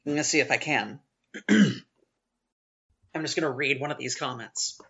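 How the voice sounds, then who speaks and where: A man's voice: medium pitch, a little slow, creaky, fairly bright tone, highs cut off, slight background noise. A man who is a game developer, chatting as a podcast guest in a laid-back, blunt way. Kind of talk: casual chat.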